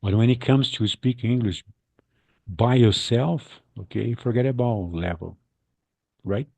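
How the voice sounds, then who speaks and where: A man hosting a casual English practice chat on a video call, animated, repeating his words and acting out what people say. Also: medium pitch, a little slow, creaky, long pauses, no room sound.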